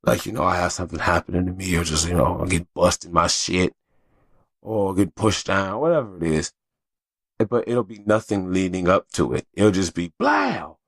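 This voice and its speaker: A man's voice: sits low, lively intonation, moderate pace, gravelly, fairly bright tone, no echo, clean studio sound. A man hosting his own podcast, telling stories in a loose, profane, casual way with lots of fillers. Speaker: podcast host. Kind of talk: casual solo podcast talk.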